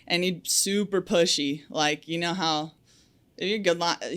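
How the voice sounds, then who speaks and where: A woman's voice: lowish voice, steady tone, moderate pace, clean tone. A young adult woman who works as a lineman, talking candidly and outspokenly in a casual podcast interview, with frequent fillers. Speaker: powerline lineman guest.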